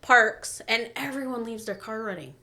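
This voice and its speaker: An adult woman with a slightly high voice tells a story in loose, casual chat. She swears freely and keeps it animated, slipping into the voices of the people she quotes. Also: moderate pace. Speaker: podcast guest, daycare teacher.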